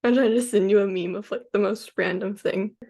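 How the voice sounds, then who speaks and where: A woman's voice: mid-range voice, steady tone, fairly quick, dark tone. A young woman co-hosting a casual chat podcast, laid-back and giggly. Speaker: podcast co-host.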